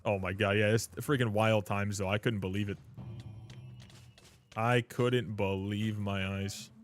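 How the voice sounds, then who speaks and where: A man's voice: on the low side, steady tone, unhurried, soft background music. A young man, telling a rambling, profane story while streaming a game. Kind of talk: casual livestream chat.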